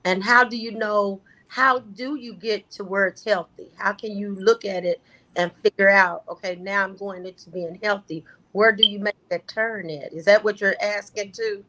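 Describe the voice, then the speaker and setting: A woman co-hosting a podcast, asking halting, searching questions in casual chat. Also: mid-range voice, steady tone, sharp tone, rough recording. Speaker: podcast co-host.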